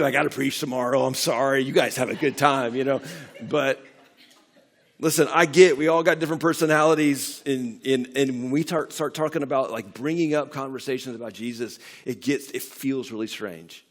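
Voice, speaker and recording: Standing in a church sanctuary, a middle-aged pastor preaches conversationally, often restarting his sentences and building up to emphatic peaks. His voice is medium in pitch, fairly bright, and a little fast.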